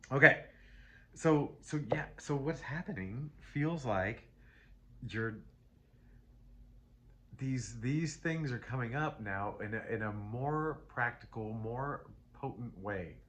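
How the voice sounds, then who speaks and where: A man's voice: medium pitch, bright, forceful tone. A man giving a casual spoken tarot reading, rambling and emotional, often breaking off and restarting his sentences between laughs. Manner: rambling and self-interrupting, with frequent restarts. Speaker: tarot reader.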